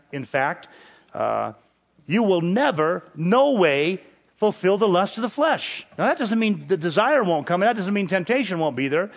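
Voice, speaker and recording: A man preaching a sermon, with rhetorical questions and emphatic peaks that climb on key phrases. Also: a little high. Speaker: pastor.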